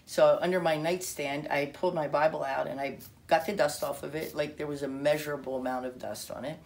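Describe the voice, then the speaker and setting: Low-voiced woman telling a testimony. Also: brisk, creaky, a little hiss or hum. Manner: animated, acts out quotes, frequent restarts. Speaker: speaker sharing a personal testimony. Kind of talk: personal testimony storytelling.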